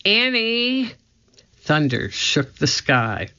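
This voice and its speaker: A narrator reading a children's chapter book aloud in a steady, clear storytelling manner. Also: medium pitch, slow, highs cut off. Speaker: audiobook narrator.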